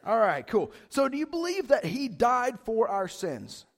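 A male pastor delivers a casual, conversational sermon in a notably high voice. He keeps checking in with "right?" and swells loudly when he drives a point home. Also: measured pace. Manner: animated, rises loud for emphasis; high-pitched voice.

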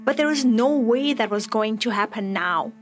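A woman hosting a podcast, telling a true story in measured, reflective scripted narration. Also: a little high, expressive.

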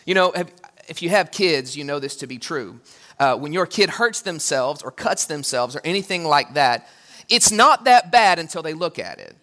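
A man preaching a sermon as pastor, animated and acting out quotes with sudden jumps in pitch. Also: moderate pace.

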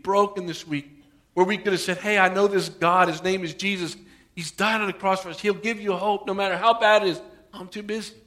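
A man preaching a sermon, acting out the people in the story with swings between soft and loud delivery. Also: a little high. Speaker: pastor.

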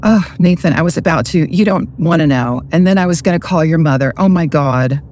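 A woman's voice: deep voice, brisk, darkish tone, close to an everyday voice. Lady voicing a flustered old small-town mortician guy, stammery, faint hiss in the back. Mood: shaken. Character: shaken older small-town male mortician.

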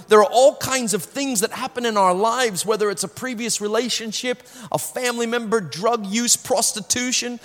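A man preaching a sermon, telling a personal story with strong swings from hushed to loud, often repeating words as he starts sentences. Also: very high voice, long reverb tail.

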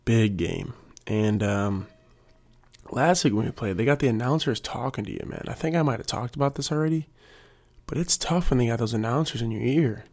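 A man's voice: mid-range voice, normal speed, darkish tone. A young adult man, a PE teacher, rambling in a casual, jokey monologue and working himself up. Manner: jokey, self-mocking, gets worked up.

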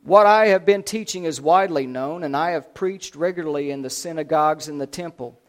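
A man speaking as a calm Jesus on trial. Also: on the high side, brisk, close to an everyday voice.

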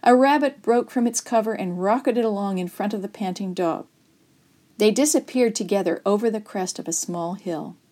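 A woman reading a story aloud to children as a storyteller, in a gentle, expressive manner. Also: medium pitch, normal speed.

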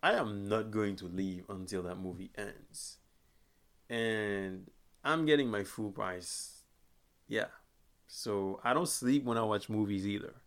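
Young guy with a gravelly voice, rambly podcast chat, laughs a lot. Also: lowish voice, slow pace, fairly bright tone. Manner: rambling, laughs often, restarts. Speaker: podcast host. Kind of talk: casual chat.

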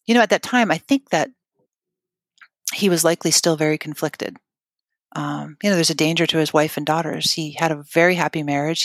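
A middle-aged woman telling an emotional personal story in an interview, halting, with restarts and fillers. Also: sits low, dry recording, clean studio sound. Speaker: guest telling her story.

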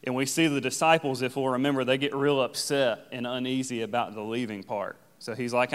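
A man preaching a sermon as pastor, reading scripture and explaining it in a relaxed, conversational way. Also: mid-range voice, a little fast, few pauses, clear, resonant tone. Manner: conversational, paraphrases scripture in casual everyday phrasing. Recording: long hall reverb.

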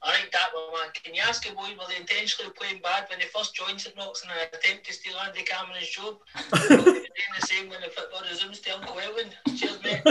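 A man's voice: high voice, flat delivery, fast, pushed and bright. A man, a football fan asking a cheeky question in a recorded voice message. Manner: cheeky, laughing at own question. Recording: voice message from far off the mic.

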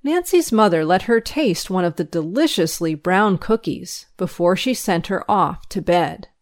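A woman reading a school paper aloud, its news and its stories, in a measured, expressive storytelling way. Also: fairly low pitch. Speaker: reader.

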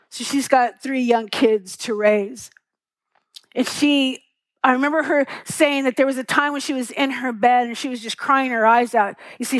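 Preaching a sermon, a middle-aged woman pastor with a slightly high voice tells stories tenderly and asks her congregation rhetorical questions. The recording is rough, with no room sound.

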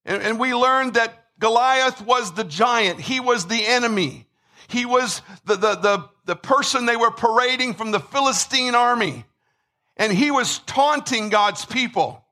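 A man preaching a sermon with emphasis, repeating words and rising to shouts. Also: very high-pitched, measured pace. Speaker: pastor.

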